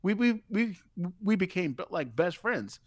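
A man telling a story on a podcast in casual, profane chat, animated and laughing as he talks. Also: high voice, measured pace, no room sound. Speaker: podcast co-host.

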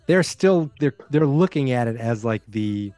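A man's voice: mid-range voice, expressive, unhurried, a little mellow, no room sound. A man with a mid-range voice, chatting casually as a podcast co-host and chiming in on the film talk. The sound is dry and close. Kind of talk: casual chat.

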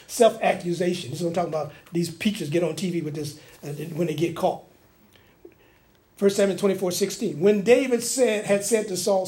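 A man preaching a sermon, animated and humorous, with laughing asides and colloquial speech, acting out the lines he quotes. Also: sits high. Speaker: pastor.

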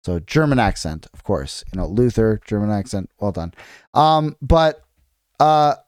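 A man's voice: on the low side, lively intonation, measured pace, a little mellow, smooth, no room sound, clean studio sound. A man co-hosting a podcast, casually recapping a novel with lots of restarts and fillers while reading passages aloud. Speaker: podcast co-host. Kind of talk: casual chat recapping a book.

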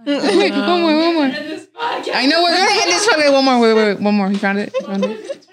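A woman's voice: high-pitched, lively intonation, a little fast, over a noisy crowd. A teenage girl hosting a casual podcast chat, playful and bossy, often giggling. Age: teens. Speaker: podcast host.

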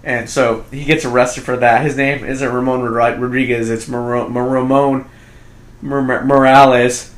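A man recapping a film in a relaxed podcast chat, speeding up in bursts and jumping into voices for the characters. His voice sits at an ordinary middle pitch. The room gives it a noticeable echo. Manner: rambling retelling, quick bursts, acts out quotes. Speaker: podcast co-host. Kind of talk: casual movie review chat. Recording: roomy echo.

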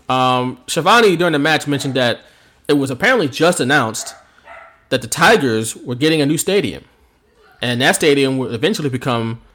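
A man co-hosting a podcast, recapping a wrestling event in an animated storytelling way with frequent laughs. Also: mid-range voice, a little hiss or hum. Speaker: podcast co-host.

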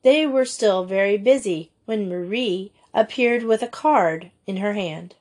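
A woman narrating a children's school story in an even, gentle reading voice. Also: mid-range voice, measured pace. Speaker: audiobook reader.

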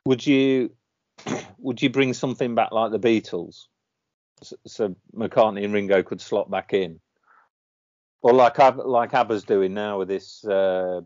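A man's voice: on the low side, measured pace, darkish tone, no room sound. A man co-hosting a casual podcast chat, rambling and hesitant, full of ums and uhs. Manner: rambling, hesitant with many fillers. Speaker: podcast co-host. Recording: dull lo-fi dry recording.

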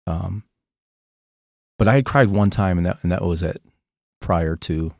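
A man, a podcast guest, candidly telling a painful personal story in a halting, emotional way, often repeating his words. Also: low voice, creaky, darkish tone, dry recording, clean studio sound.

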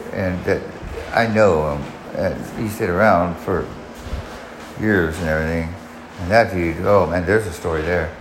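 Casting: a slightly low-voiced man rambling through a personal story, full of restarts and swearing, in an echoey room. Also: a little hiss or hum. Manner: rambling, frequent restarts and profanity.

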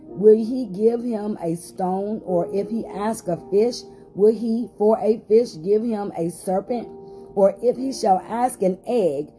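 A woman's voice: medium pitch, mellow. A woman pastor hosting a short podcast Bible study, reading scripture aloud with rising emphasis and some hesitant fillers.

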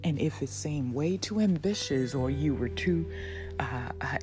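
A woman giving an inspirational Christian talk, soothing and encouraging, often dropping to a soft whisper. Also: a bass voice, measured pace. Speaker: motivational Christian speaker. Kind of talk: inspirational devotional talk over music. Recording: guitar music playing clearly behind.

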